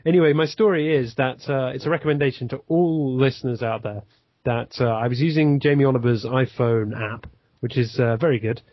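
Male podcast co-host, rambling self-deprecating storyteller, mid-pitched, dead dry dull recording. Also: a little fast, no room sound. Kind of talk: casual podcast chat.

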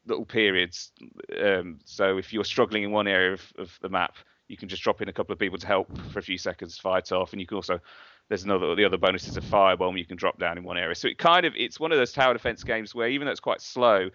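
A man's voice: deep voice, quick pace, sharp tone, dry recording. A man co-hosting a podcast, chatty and opinionated with a lot of hedging. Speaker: podcast co-host. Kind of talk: casual chat. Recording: dull, slightly lo-fi dry sound.

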